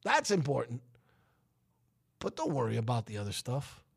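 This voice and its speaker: A man's voice: medium pitch, sing-song, normal speed, creaky, a little mellow, slightly rough. A man hosting a talk show, delivering an emphatic, preachy opinion monologue that rises to outbursts. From United States.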